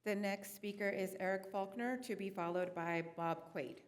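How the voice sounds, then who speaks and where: A woman's voice: mid-range voice, normal speed. A woman city clerk presenting a staff report at a council meeting, hesitant and full of filler sounds.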